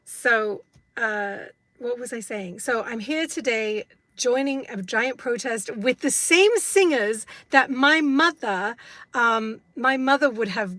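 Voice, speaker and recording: A woman's voice: fairly high pitch, measured pace, pushed and bright, no echo. A woman in her fifties with an English accent, chatting casually to viewers on a phone live stream from inside a parked car, rambling with many fillers. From United States. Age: 50s.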